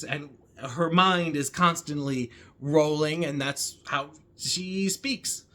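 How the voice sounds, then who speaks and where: A man casually discussing a novel, thinking aloud with many pauses and restarts. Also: a little high, sharp tone. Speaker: book reviewer.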